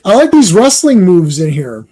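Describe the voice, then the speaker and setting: A man's voice: high-pitched, sing-song, moderate pace, dark tone, husky. A man hosting a casual chat, talking animatedly with lots of fillers and often acting out the characters he describes. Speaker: host.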